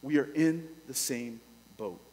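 A male pastor preaching a sermon, dropping to a hush and then rising with urgency. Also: medium pitch, a little slow, long reverb tail, poor audio. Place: church.

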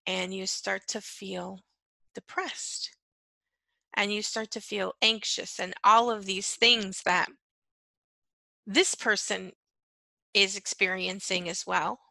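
Woman, empathy coach, earnest teaching monologue, bright edgy tone, dry close recording. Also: mid-range voice, fairly even intonation, slow pace, gravelly, no echo, rough recording. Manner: earnest, repeats key phrases, frequent "right?" and "okay".

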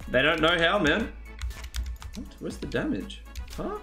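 A man's voice: on the high side, huge pitch swings, unhurried, music in the background. A man streaming a video game, chatting casually with his live chat, reading messages aloud and laughing often.

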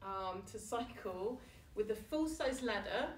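With a medium-pitched, expressive voice and measured pace, a British woman speaks at a book launch, delivering a self-deprecating, funny talk and often laughing. A small live audience is present, and the distant, echoey recording has slight background noise.

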